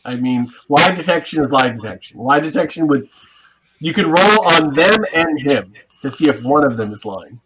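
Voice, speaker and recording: A man's voice: a little high, animated, normal speed, a bit bright. A man running a tabletop game as game master, narrating hesitantly with many fillers. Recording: muffled, faint hiss.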